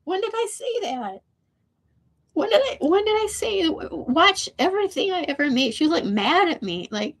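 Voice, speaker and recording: A woman livestreaming an emotional rant. Her voice is tearful, shaky and a bit hoarse, and she stammers, repeats herself and swears bluntly. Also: sits high, expressive, normal speed. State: hoarse from losing voice. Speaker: livestream host.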